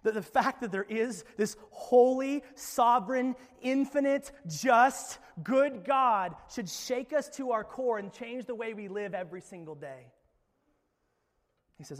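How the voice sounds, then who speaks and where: A young adult male pastor preaching a sermon in an animated, dramatic way with playful asides. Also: high voice, measured pace, big-room sound.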